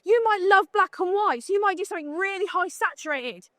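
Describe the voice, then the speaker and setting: Blunt, funny British woman giving a conference talk; very high voice, dry close sound. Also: expressive, a little fast, sharp tone, no echo. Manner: blunt, joking, chatty, asks the audience questions. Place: conference talk room at a trade show.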